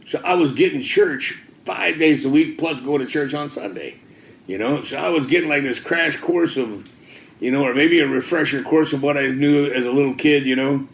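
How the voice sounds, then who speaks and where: A man's voice: on the high side, normal speed, gravelly, slight background noise. Slangy man telling his testimony, roomy echo. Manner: casual, slangy, peppered with "dude" and "man". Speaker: former biker giving a church testimony. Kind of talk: personal testimony storytelling.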